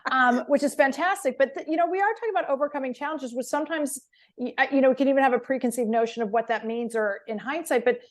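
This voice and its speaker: A woman's voice: high voice, fast talker. A woman hosting a podcast interview, asking long questions full of fillers and restarts. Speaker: podcast host.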